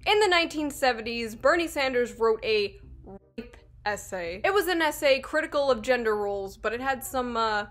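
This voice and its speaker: A woman's voice: a little high, expressive, moderate pace, a bit bright. A woman hosting a sarcastic political commentary video, mocking and blunt, with crude swearing.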